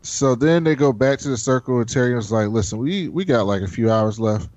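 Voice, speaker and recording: A man's voice: mid-range voice, fairly quick, dry recording. A man talking casually with a friend, telling a long story and jumping into voices for each person in it. The sound is dry and close, with a slightly dull, lo-fi quality. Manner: animated storyteller acting out characters' lines. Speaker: podcast co-host recapping a TV episode. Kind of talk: casual chat.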